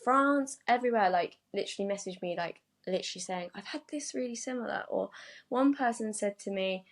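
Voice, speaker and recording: A chatty woman from the UK, a guest on a podcast. She talks casually at a mid pitch, laughing easily and leaning on fillers as she rambles through her stories. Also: brisk. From United Kingdom. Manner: chatty, giggly, lots of fillers.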